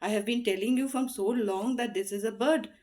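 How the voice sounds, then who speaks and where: A woman's voice: on the high side, fairly quick, a little mellow, lightly acted. A woman voicing an impatient grown son who scolds his elderly father while retelling a story. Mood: irritated. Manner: exasperated, scolding.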